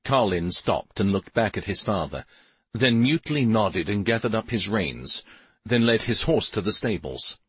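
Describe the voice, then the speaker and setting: A man reading a story aloud as narrator, in an unhurried, expressive way. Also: lowish voice, breathy edge, dry recording. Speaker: audiobook narrator. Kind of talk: scripted narration.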